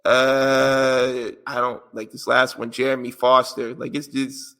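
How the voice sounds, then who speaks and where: Podcast co-host, male, gravelly and bright, joking and slangy while reading listener answers. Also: medium pitch, little pitch movement, slow.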